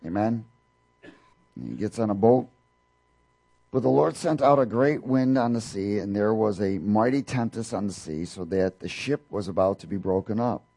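A man's voice: animated, normal speed, vocal fry, dark tone. A man preaching a sermon, reading scripture aloud and explaining it, often lifting his voice for the quoted lines. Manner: reads scripture aloud, rising in pitch for quoted speakers, with light laughs.

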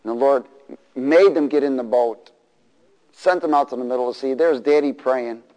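A man's voice: mid-range voice, moderate pace. A middle-aged man preaching a sermon, calling for responses from the congregation and acting out the voices of people in the story. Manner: animated, call-and-response, acts out voices. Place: church hall. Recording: long reverb of a large hall.

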